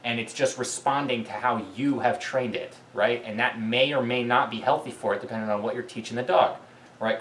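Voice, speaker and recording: A man's voice: brisk, a bit bright. A man ranting bluntly about dog training, swearing often, tagging "right?" onto his points, and breaking off to give his dog commands. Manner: blunt, profane, keeps asking "right?"; calls commands to his dog and praises it in a high voice. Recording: echoey, mic at a distance.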